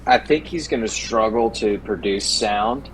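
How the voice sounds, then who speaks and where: A man's voice: on the low side, measured pace, a little hiss or hum, rough recording. A man playing in a tabletop game, explaining his character's choices hesitantly with many fillers and restarts. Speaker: player. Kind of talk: casual in-game discussion.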